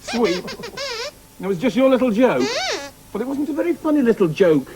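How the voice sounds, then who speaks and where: A man's voice: extremely high pitch, sing-song, normal speed. A man hosting a children's puppet show, theatrical and prone to giggling. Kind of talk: children's TV presenting.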